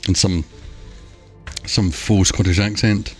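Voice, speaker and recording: Man, low voice, jokey rambling stream chat, faint music behind. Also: steady tone, slow pace. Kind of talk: casual live-stream chat. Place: home room. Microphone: headset.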